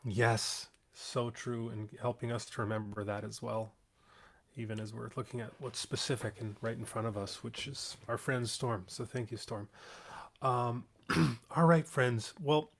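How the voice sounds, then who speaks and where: A man hosting an online song swap over a video call, speaking in an earnest, halting way with many fillers. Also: mid-range voice, steady tone, creaky. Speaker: host.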